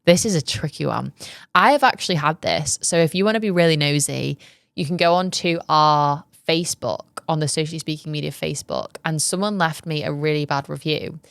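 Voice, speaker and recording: Chatty low-voiced woman host. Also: a little fast, creaky, clear, resonant tone, no room sound, clean studio sound. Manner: chatty, candid, lots of ums and likes. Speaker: podcast host. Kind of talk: casual advice chat.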